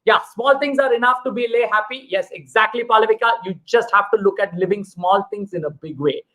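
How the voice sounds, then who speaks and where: A man's voice: high voice, fairly quick, fairly bright tone, poor audio. A man with an Indian English accent, a psychiatrist hosting a motivational live session. He speaks earnestly, repeats his key lines and reads viewer comments aloud.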